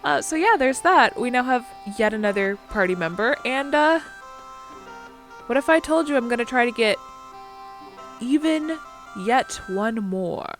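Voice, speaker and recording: A woman's voice: a little high, animated, unhurried, long pauses, fairly bright tone, soft background music. A woman giving casual, rambling commentary as she plays through a video game. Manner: chatty, rambling, lots of fillers. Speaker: video game let's player.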